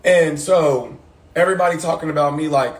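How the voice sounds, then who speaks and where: A man's voice: a little high, brisk. Frank young man in an echoey room. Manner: frank and emphatic, retelling grievances. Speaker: live stream host. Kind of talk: casual live stream talk. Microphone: phone.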